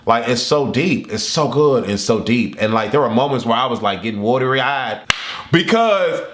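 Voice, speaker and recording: A man talking excitedly as host of a casual movie review vlog, acting out his own reactions and yelling along with the scenes. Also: medium pitch, normal speed, background noise. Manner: animated and excitable, acts out his reactions and yells at the screen. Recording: echoey room.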